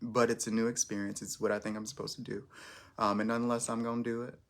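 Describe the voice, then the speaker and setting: A man's voice: medium pitch, level tone, quick pace, a bit bright. A man hosting his first live stream, chatting casually in a rambling, self-conscious way with lots of restarts.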